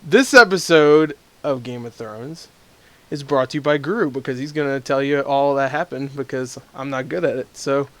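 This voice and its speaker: A man's voice: medium pitch, no room sound. A young man co-hosting a casual chat, joking and interjecting as they talk. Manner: jokey, quick to laugh and interject. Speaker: co-host. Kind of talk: casual banter.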